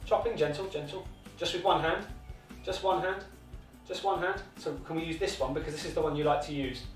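High-voiced British man coaching toddler tennis. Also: fairly quick. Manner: encouraging, sing-song, repetitive instructions. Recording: echoey room, mic at a distance, faint music.

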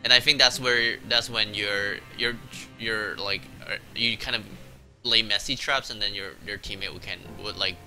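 A middle-aged man, a game developer streaming and chatting casually, rambling and excitable. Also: on the low side, normal speed, low-quality recording. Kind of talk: casual chat while playing. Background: faint music.

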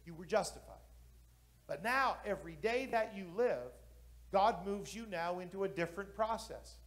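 A male pastor with a high voice preaches with fervor, swinging from hushed storytelling to ringing declarations. He speaks to a congregation in an emphatic sermon style. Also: expressive, moderate pace. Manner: impassioned preaching, building to loud exclamations.

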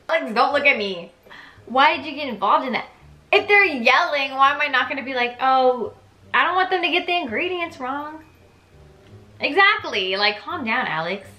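A woman's voice: on the high side, bright, forceful tone, echoey room. A young woman reads aloud the dialogue of a story game, breaking in with chatty, reactive comments of her own. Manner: chatty and reactive, switches between reading and commenting. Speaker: gaming YouTuber reading a story game aloud.

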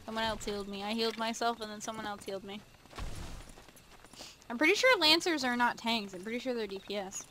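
A woman's voice: on the high side, a little fast, noisy background. A young woman casually chatting and commenting while playing a game on stream, talking to characters and her chat in a playful way.

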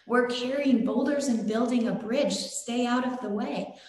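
A woman's voice: a little high, a little slow, darkish tone, close to an everyday voice. A woman voicing a proud male monkey soldier who scolds and mocks, in a very echoey room. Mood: scolding. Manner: scornful, mocking.

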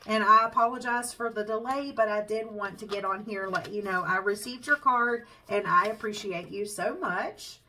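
A woman's voice: mid-range voice, normal speed, few pauses, slight background noise, low-quality recording. Congested nasal Southern woman chatting. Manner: chatty, warm-hearted, says y'all and um a lot. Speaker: craft channel host. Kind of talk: casual chat to camera.

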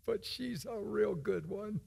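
A man's voice: high voice, slow, vocal fry, mellow. A man preaching in a church, telling a story in an earnest, conversational way. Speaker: guest preacher. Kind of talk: storytelling sermon.

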